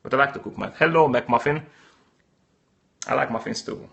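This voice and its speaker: Gravelly man with a Central European accent. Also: medium pitch, normal speed, a bit bright. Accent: Slovak-Hungarian. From Slovakia. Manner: chatty, answers viewer comments, upbeat. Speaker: livestream host. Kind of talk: casual live-stream chat.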